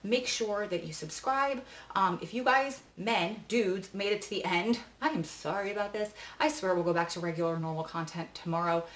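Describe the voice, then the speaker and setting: A woman's voice: medium pitch, moderate pace, a bit bright, recorded from a distance. A woman in her forties hosting a casual try-on vlog, talking in a chatty, candid, rambling way with lots of fillers. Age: 40s. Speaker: vlog host. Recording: roomy echo.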